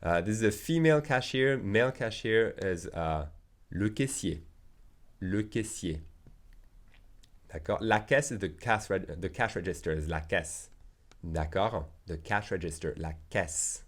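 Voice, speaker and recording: Low-voiced man teaching French. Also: lively intonation. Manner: patient, repeats phrases slowly for learners. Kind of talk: video language lesson.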